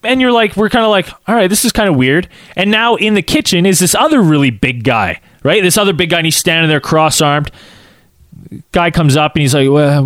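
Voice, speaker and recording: A man telling a casual anecdote, acting out quotes in an animated way and saying "like" a lot. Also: a little high, dry recording, clean studio sound.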